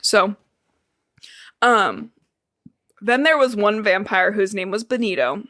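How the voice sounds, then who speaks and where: A Midwestern American woman recapping a book on a podcast in a loose, chatty way, cursing now and then and breaking into laughter. Her voice sits in an ordinary middle pitch. The sound is dry and close. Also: expressive, slow pace, a bit bright, no echo. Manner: chatty, swears freely, laughs often, retells scenes. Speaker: podcast co-host. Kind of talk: casual book-discussion chat.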